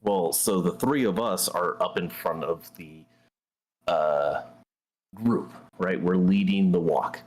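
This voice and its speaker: A man's voice: low voice, slow pace. A man hosting a gaming stream, telling a story in a blunt, profane, conversational way. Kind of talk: casual storytelling while gaming.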